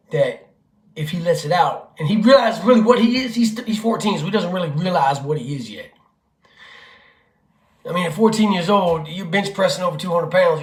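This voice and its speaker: Animated profane man telling a story. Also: sits high, roomy sound. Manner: animated, profane, acts out quotes. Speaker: vlogger, father. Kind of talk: casual storytelling vlog.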